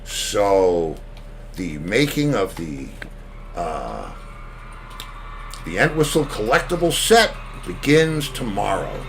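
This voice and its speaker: A man's voice: lowish voice, big pitch swings, slow pace, vocal fry, pauses often, fairly bright tone, a little hiss or hum. A man hosting a live stream talk show, chatting casually and telling jokes in a playful, jokey way. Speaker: host.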